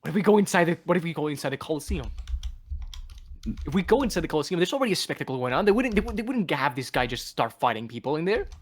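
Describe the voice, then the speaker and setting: A man playing a tabletop game online, excitable and quick to laugh. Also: fairly high pitch. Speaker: player.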